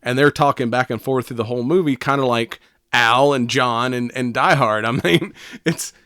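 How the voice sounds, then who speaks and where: A man's voice: mid-range voice, normal speed, pushed and bright, clear, resonant tone, dry recording, clean studio sound. Laughing, rambling podcast man. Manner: profane, rambling, laughs often. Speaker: podcast co-host. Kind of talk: casual movie chat.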